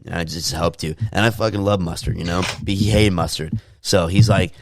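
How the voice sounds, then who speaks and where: A young man in casual podcast chat, telling animated stories and shouting the quoted lines in high voices. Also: fairly quick, no room sound, clean studio sound. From California. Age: young adult. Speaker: podcast co-host.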